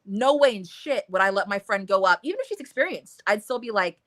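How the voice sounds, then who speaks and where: Bright, animated woman chatting about a book. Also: medium pitch, fairly quick, no room sound. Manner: animated, swears freely, retells plot in quotes. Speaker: book club co-host. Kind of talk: casual book discussion.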